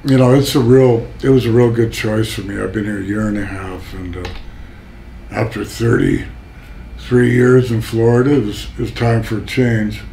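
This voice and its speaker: Hoarse, gravelly older man. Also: fairly low pitch, fairly even intonation, moderate pace, dark tone, a little hiss or hum, low-quality recording. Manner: rambling storyteller, self-correcting. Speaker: interview guest. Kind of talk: casual career interview.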